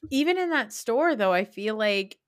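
A woman's voice: a little high, lively intonation, moderate pace. A woman co-hosting a podcast who chats casually about reality TV, swearing bluntly and using lots of fillers. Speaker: podcast co-host.

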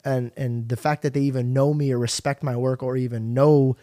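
A man hosting a podcast, talking in an excitable, rambling way and swearing often. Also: medium pitch, a little fast, dry recording, studio quality. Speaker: podcast host. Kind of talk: casual chat.

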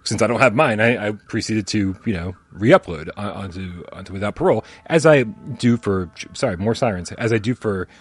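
A man co-hosting a gaming podcast, chatting casually with quick asides and mock quoted voices. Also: on the low side, animated, husky, no room sound. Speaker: gaming YouTuber and podcast co-host. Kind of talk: casual chat.

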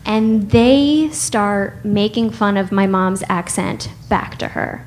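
A woman's voice: medium pitch, slow, slight background noise. A woman from the United States telling a personal story with wry humor and frequent laughs.

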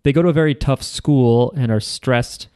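Man, podcast co-host, casual, halting, deadpan, mid pitch. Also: clean tone. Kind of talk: casual chat.

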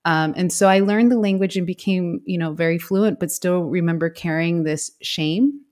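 A woman's voice: fairly low pitch, moderate pace, darkish tone. A woman in her forties, raised in the United States, talking as a guest in an interview in a reflective way, with many fillers and light laughs. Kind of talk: conversational interview.

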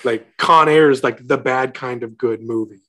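A man's voice: mid-range voice, normal speed, a bit bright. A man co-hosting a casual movie podcast, rambling and hesitant, full of "like" and restarts. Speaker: podcast co-host.

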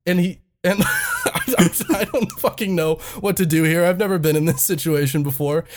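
A man's voice: a little high, moderate pace. A man co-hosting a podcast, telling a story in casual chat, laughing often and swearing freely. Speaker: podcast co-host.

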